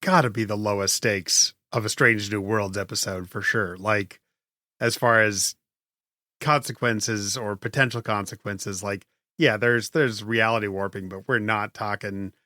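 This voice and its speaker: Man, podcast host, lowish voice, dry sound, easygoing. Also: steady tone, measured pace, sharp tone, no room sound. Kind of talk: casual podcast interview.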